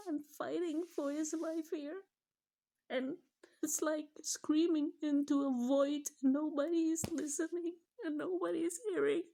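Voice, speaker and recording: In this emotional vlog, a middle-aged mom talks unhurriedly with a high-pitched, mellow voice, fairly even intonation, and vocal fry. She sounds on the verge of crying, shaky and breaking, occasionally dropping to a whisper.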